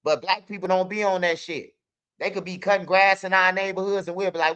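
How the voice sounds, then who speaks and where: A man's voice: high-pitched, fairly even intonation, a little fast, pushed and bright, clean tone, dull audio. Casual young man, raised voice, loose streetwise storytelling. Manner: streetwise, loose, peppers talk with "bro" and "you hear me". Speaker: channel host.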